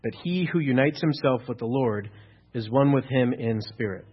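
A pastor preaching a sermon, building to loud, emphatic exhortation at times. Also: male voice, medium pitch, normal speed, slightly rough, lo-fi sound.

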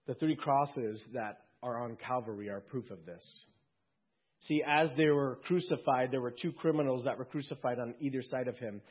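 A male pastor preaches in an earnest sermon, his voice husky and mid-pitched. He swells, then drops to a hush. The recording is dull and lo-fi. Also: moderate pace.

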